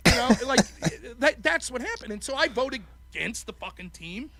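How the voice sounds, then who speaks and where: A man hosting a call-in show, telling stories in animated, profane casual chat. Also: very high-pitched, normal speed, no echo. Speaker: podcast host.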